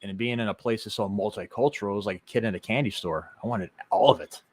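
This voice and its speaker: A man with a Chicago accent, telling a lively story in casual podcast chat, jokey and animated. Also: on the low side, quick pace, no echo. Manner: animated storyteller, jokey, switches into a put-on local accent for quotes. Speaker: podcast host.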